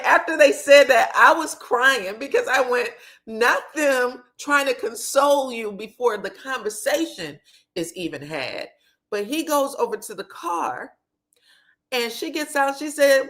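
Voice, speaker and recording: A woman retells reality TV drama as casual gossip, acting out every quote with lots of swearing and laughing. Her pitch swings widely as she tells the story. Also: animated, a little slow, a bit bright. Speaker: reality TV recap host.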